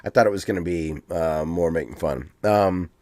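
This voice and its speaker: With a deep, warm voice at a moderate pace, an American man co-hosts a podcast in a dry, clean studio recording. He keeps the chat casual and rambling, dropping many ums.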